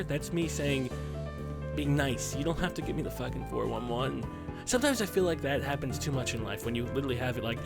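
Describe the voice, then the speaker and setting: A man's voice: fairly high pitch, lively intonation, fast talker. A young man hosting a gaming channel, rambling and swearing casually through let's-play commentary. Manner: rambling, swears, rants with rising energy. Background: game music.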